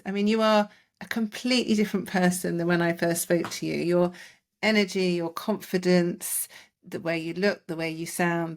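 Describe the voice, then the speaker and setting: A woman hosts a podcast as a doctor, speaking in a reassuring, explanatory way. She often ends a point with a tag question to draw her guest in. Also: fairly low pitch. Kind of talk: conversational interview.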